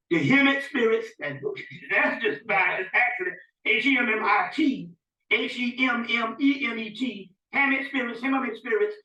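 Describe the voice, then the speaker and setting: A man giving a rambling, animated informal spiritual lecture to a small audience, often checking in with his listeners. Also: high-pitched. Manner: rambling, animated, often asks "you see what I'm saying". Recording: dull, echoey room recording from a distance.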